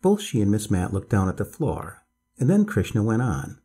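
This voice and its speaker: Man, storyteller, bedtime story narration, husky, lively melodic delivery. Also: lowish voice, normal speed.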